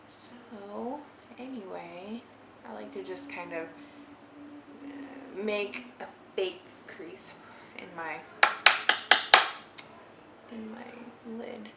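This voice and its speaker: A beauty vlogger with a mid-range voice drags out her words with vocal fry and takes long pauses during a makeup tutorial. She's a young woman chatting casually in a roomy living room, rambling and giggling with plenty of "like," over heavy background noise and faint ambience.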